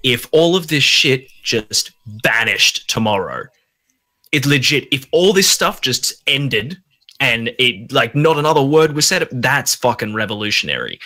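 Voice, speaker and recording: A man's voice: mid-range voice, big pitch swings, measured pace, sharp tone. A man ranting during a casual online panel chat, swearing often and restarting his sentences. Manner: ranting, profane, repetitive restarts.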